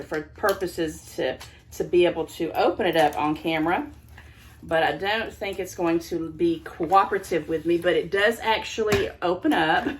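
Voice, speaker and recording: An older woman chats on camera at home about her bargain finds, laughing often and pausing to wrestle with the items. Her voice sits on the low side for a woman. A faint hiss runs underneath the recording. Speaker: thrift haul vlogger. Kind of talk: casual haul video chat.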